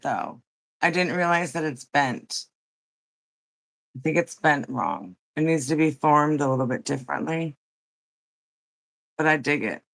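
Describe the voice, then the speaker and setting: A woman with a low voice hosts a laid-back livestream, speaking slowly and stretching her words. She chats and rambles with lots of fillers, welcoming viewers one at a time, and sounds as if she's only just woken up.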